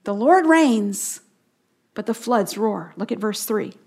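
A woman giving a radio Bible teaching as the host. She is earnest and emphatic, repeats key phrases, and sometimes drops to a soft hush for stress. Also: medium pitch, expressive, slow.

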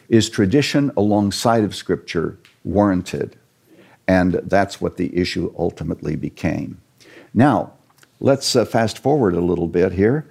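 Low, gravelly male guest lecturer, earnest storyteller. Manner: animated, earnest storyteller with jokes. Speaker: church historian guest.

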